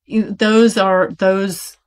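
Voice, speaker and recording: A woman's voice: medium pitch, little pitch movement, drawn-out words. A woman with a British accent, an audiobook publisher chatting as an interview guest, talking animatedly with plenty of fillers and laughs. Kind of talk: casual interview talk.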